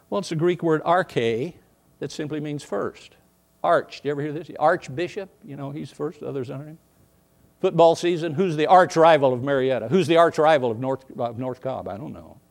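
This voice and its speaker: A man preaching a sermon, swinging from quiet asides to emphatic, rising bursts. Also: a little high, gravelly. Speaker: pastor.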